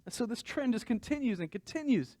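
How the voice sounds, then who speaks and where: A man's voice: extremely high pitch, lively intonation, brisk, mellow, dry recording, studio quality. A man pastor preaching a conversational sermon, asking his listeners rhetorical questions.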